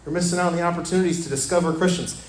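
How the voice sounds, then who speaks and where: A man preaching a sermon as pastor in a church. He talks earnestly and repeats his phrases, dropping to a soft, low voice when he quotes scripture. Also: fairly even intonation, very fast. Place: church sanctuary. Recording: echoey church room with faint ambience.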